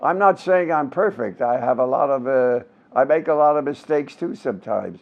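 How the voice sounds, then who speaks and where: Old brooklyn guy in his 90s telling stage stories, gravelly voice, muffled lo-fi audio. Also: mid-range voice, animated, moderate pace. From Brooklyn, New York. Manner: anecdotal, showbiz raconteur with punchlines. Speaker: interviewee. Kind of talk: casual storytelling interview. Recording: dull lo-fi recording.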